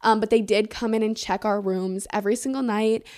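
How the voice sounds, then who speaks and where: A woman's voice: medium pitch, fairly even intonation, brisk, a little mellow. A teenage girl hosting a casual storytelling podcast, chatty and rambling, with lots of "like" and "um" and casual swearing. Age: teens. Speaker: podcast host.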